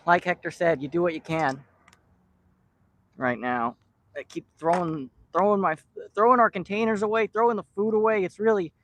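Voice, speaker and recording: A high-voiced man, recorded dry, vlogs outdoors next to a shipping container as he feeds rescued street cats. He rambles warmly to the camera and the cats, teasing them by name.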